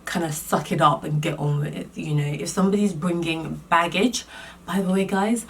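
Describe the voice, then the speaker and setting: A woman vlogger telling a dating story in a casual, animated and exasperated way. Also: fairly low pitch, moderate pace, far from the mic.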